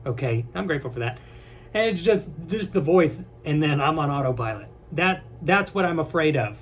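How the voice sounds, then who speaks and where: A young man rambling casually to his viewers, joking one moment and halting the next. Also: on the high side, lively intonation, slight background noise. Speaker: vlogger.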